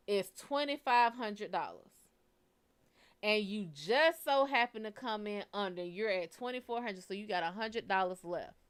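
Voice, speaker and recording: A woman tarot reader speaking in a smooth, clear voice. She talks plainly and bluntly in a casual, conversational way and drops the occasional swear word as she gives a live reading. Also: on the high side.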